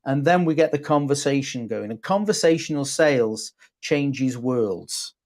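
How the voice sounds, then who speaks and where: Man talking sales, halting and chatty. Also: medium pitch, animated, darkish tone. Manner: hesitant, many restarts and fillers. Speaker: host. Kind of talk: casual sales coaching chat.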